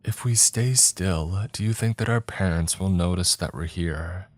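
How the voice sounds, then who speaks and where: A man's voice: low voice, unhurried. A man voicing a playful, sick teenage girl in a story reading. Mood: wistful.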